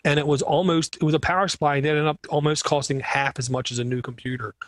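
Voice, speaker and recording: Male podcast co-host, tells lively repair-shop stories, fairly high voice, dry close mic. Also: fast talker, no room sound. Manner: animated storyteller, acts out customer dialogue. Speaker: computer repair business owner, podcast co-host. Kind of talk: casual podcast chat.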